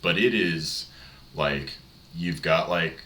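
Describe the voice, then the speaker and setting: A man's voice: sits low, slow pace, a bit bright. A young man from Tennessee with a light Southern twang, running a tabletop game in a rambling, laughing way. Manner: rambling, laughs often, many fillers. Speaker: game master. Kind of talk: narrating a tabletop game, casual chat.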